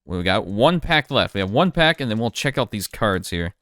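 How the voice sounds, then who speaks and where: A man casually talking through a card pack unboxing, relaxed and chatty, thinking aloud as he goes. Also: fairly low pitch, moderate pace, dry recording, clean studio sound. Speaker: card collector streamer.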